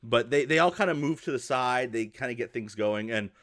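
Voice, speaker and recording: A man's voice: medium pitch, a little fast, a bit bright, no echo, studio quality. A man narrating as game master in a tabletop role-playing game, rambling descriptions full of fillers. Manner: rambling, many fillers and restarts.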